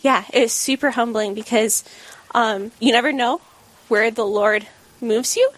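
Lively woman telling a radio story. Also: fairly high pitch, a little slow. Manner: animated, acts out quotes with laughs. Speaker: radio co-host. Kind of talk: casual storytelling on talk radio.

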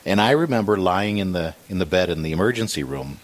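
A man with a deep, husky voice recounts a hard time in his life in a faith-centered conversation. His telling is earnest and halting, full of small restarts as he gathers his thoughts. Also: lively intonation. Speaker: guest sharing a personal story.

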